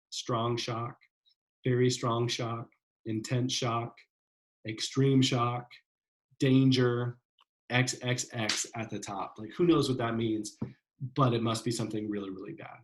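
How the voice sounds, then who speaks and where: A male lecturer explains a psychology study in a loose, chatty way. He speaks at a middle pitch and keeps checking in with his listeners. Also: level tone, unhurried, low-quality recording. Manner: conversational, many fillers and "right?" checks. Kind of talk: classroom lecture.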